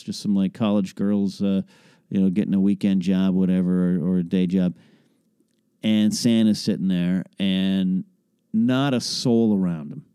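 A man's voice: lowish voice, warm tone, clear, resonant tone, no room sound, clean studio sound. A man hosting a podcast, chatting casually through listener questions in a rambling, wry way that often breaks off and restarts. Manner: rambling, self-interrupting and wry. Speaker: podcast host.

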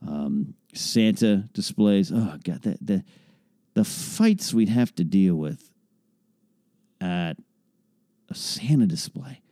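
A man's voice: deep voice, expressive, slow pace, long pauses, mellow, dry recording, studio quality. Rambling wry male podcast host. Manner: rambling, self-interrupting and wry. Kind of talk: casual listener Q&A.

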